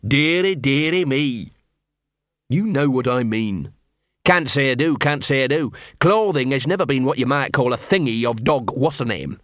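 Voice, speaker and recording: A man's voice: mid-range voice, expressive, normal speed, a bit bright, dry recording, studio quality, close to an everyday voice. A man voicing a scruffy male talking street dog who mutters and fumbles for words. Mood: fussing.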